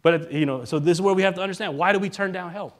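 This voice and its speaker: A male minister giving a relaxed, conversational sermon, joking now and then and often checking in with the congregation. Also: sits high, very fast. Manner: casual and joking, keeps asking the congregation "right?".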